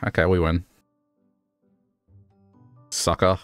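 A man's voice: fairly low pitch, expressive, moderate pace, a bit bright, dry recording, clean studio sound, soft background music. A man streaming a video game, giving wry, offhand commentary. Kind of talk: gameplay commentary.

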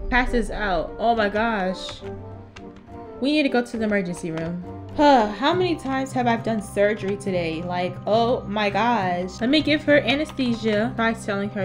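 A young woman with a slightly high voice talks her way through a role-play game as a nurse character. She is sassy and teasing, and her chatter is quick and casual. Game music plays clearly in the background. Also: lively intonation. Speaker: gaming YouTuber playing a nurse character. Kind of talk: Roblox role-play commentary.

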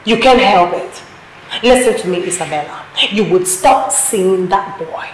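A woman's voice: mid-range voice, measured pace, reverberant, natural voice, rough recording. An actress playing a firm, protective aunt who scolds her niece in a film drama. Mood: scolding. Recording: clear background noise.

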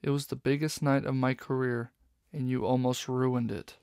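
A man's voice: mid-range voice, flat delivery, moderate pace, darkish tone, clean tone, no room sound, clean studio sound, lightly acted. A man doing a fierce fox police inspector. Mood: scornful. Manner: stern, snapping retorts.

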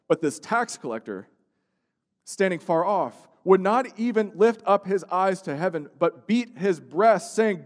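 A male pastor delivering a sermon, moving from hushed, slow passages to loud, emphatic outbursts. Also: high-pitched, lively intonation. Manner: preaching with swings from hushed to emphatic. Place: church sanctuary. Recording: long church-hall reverb.

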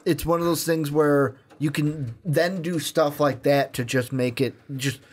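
A man's voice: on the high side, fairly even intonation, measured pace. A man co-hosting a casual chat, talking earnestly and emphatically and repeating his points. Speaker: co-host.

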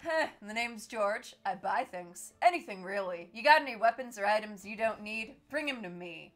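A woman voicing a gruff middle-aged male buyer of goods in a game, with a blunt manner. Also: mid-range voice, expressive, moderate pace, close to an everyday voice.

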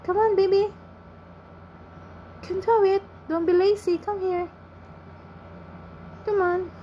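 A woman's voice: very high voice, fairly even intonation, slow, lo-fi sound, a little hiss or hum. A woman, a vlogger coaxing her young pet in sing-song baby talk, pleading and cheering it on.

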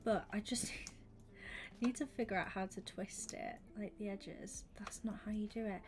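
A woman's voice: medium pitch, steady tone, a little slow. Chatty young woman murmuring while building. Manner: chatty, thinks aloud, often drops to a whisper. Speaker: livestreamer. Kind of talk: casual gaming stream chat.

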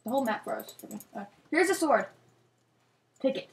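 Teasing young woman, high and lively. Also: normal speed, vocal fry. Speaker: gamer. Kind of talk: casual game chat.

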